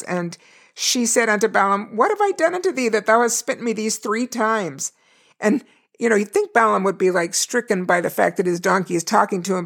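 A woman's voice: medium pitch, creaky. A woman giving a conversational scripture lesson. She reads verses aloud and explains them with casual asides. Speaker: scripture teacher.

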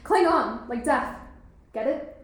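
Cynical intense teen girl done by a woman, mocking, highish voice, very echoey room. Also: expressive, slow pace. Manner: provocative, mocking. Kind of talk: stage play acting. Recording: very echoey hall.

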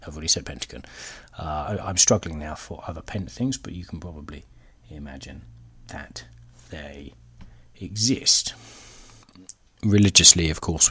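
This solo educational podcast is hosted by a man whose low-pitched voice is bright and forceful with a breathy edge, recorded via laptop. He talks hesitantly, with plenty of fillers and restarts, occasionally dropping to almost a whisper.

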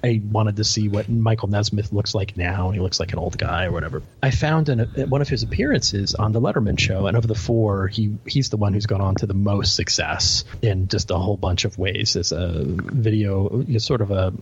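A man's voice: fairly low pitch, a little fast, few pauses, slight background noise. A man co-hosting a podcast, telling stories animatedly in casual chat, often stammering and repeating words. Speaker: podcast co-host. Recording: dull lo-fi audio.

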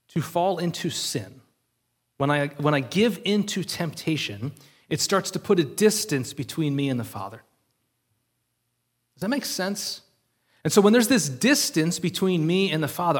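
A man's voice: fairly high pitch, slightly rough. A male pastor giving an earnest, conversational sermon and often checking in with the congregation.

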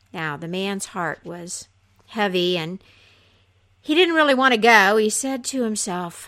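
A woman reads a fairy tale aloud at a leisurely pace. Her voice is expressive and rises and falls a great deal, and it drops softly at the ends of phrases. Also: medium pitch, unhurried. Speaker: storyteller.

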